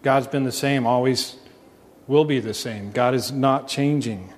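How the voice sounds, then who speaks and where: A man's voice: mid-range voice, a little slow. Male pastor preaching earnestly; mid-range voice, lingering hall echo. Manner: earnest preaching, asks the congregation questions. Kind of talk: sermon. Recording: long reverb.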